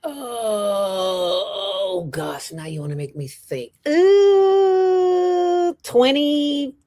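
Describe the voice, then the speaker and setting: A middle-aged woman, a former radio host and founder, talking as an interview guest in an animated, emphatic and playful way. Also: on the low side. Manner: fast talker from years on radio. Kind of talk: casual interview chat.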